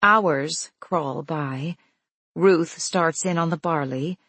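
A woman giving scripted storybook narration in a measured, gentle way. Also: sits low, slightly rough, dry recording.

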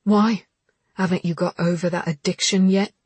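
A woman voicing a fiery young woman in an audiobook, snapping out sharp, indignant outbursts in a husky voice. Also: fairly low pitch, steady tone, moderate pace, dry recording. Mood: angry.

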